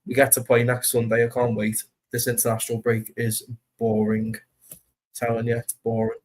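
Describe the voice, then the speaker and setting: A man's voice: mid-range voice, completely flat delivery, normal speed. A young man casually chatting and reading comments during a football watch-along stream, rambling and swearing now and then. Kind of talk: casual live-stream chat.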